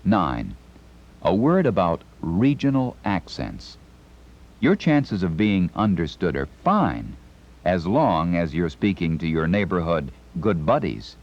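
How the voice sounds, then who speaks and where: A middle-aged man giving scripted instructional narration, with a crisp, carefully enunciated announcer delivery. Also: low-pitched, sing-song, slow. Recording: dull lo-fi 1970s tape recording.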